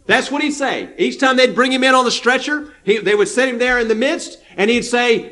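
A man's voice: very high voice, lively intonation, normal speed, sharp tone. A man preaching a sermon, emphatic and repetitive, with frequent restarts.

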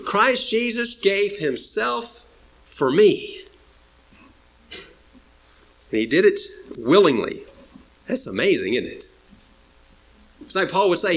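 A man's voice: huge pitch swings, unhurried, pauses often. A man preaching a sermon, emphatic and repetitive, sometimes acting out quoted speakers in a raised voice. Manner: emphatic, repeats phrases, rises to high pitch for emphasis; acts out quoted speakers in a higher voice.

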